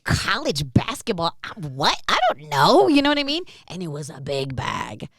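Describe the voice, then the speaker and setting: A woman's voice: low voice, normal speed, no room sound, studio quality. A woman radio host as a podcast guest, telling stories with laughs and acted-out quotes. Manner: animated, laughing, acts out quotes. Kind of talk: casual storytelling interview.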